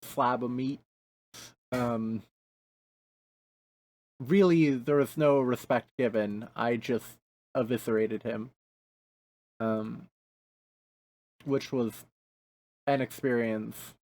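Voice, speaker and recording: A man's voice: mid-range voice, steady tone, takes it slowly, pauses often, a little mellow. A man co-hosting a casual podcast, rambling with many restarts and frequent swearing. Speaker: podcast co-host. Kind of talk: casual chat.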